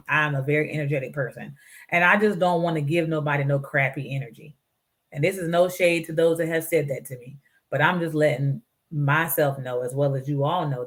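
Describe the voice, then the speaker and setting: A woman hosts her own show, offering earnest, somewhat preachy life advice in a motivational talk and acting out the voices of the people she quotes. Her voice sits low with a slightly bright quality.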